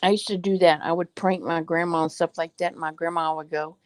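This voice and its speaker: A woman chatting casually with friends, telling playful stories in an animated way. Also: fairly low pitch, a little fast, few pauses, no echo. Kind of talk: casual chat among friends.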